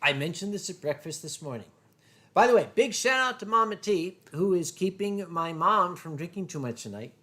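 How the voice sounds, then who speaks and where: Middle-aged male host, high voice, swears freely, spins anecdotes with put-on voices. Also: lively intonation, normal speed, bright, forceful tone. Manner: profane, anecdotal, slips into funny voices. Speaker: convention chairman and show host. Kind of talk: casual drinking chat on a livestream.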